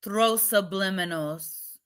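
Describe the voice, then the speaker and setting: Bright-voiced woman hosting a livestream. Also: mid-range voice, takes it slowly, smooth. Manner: chatty, reads viewer comments aloud, playful. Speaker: livestream host. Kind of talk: casual livestream chat.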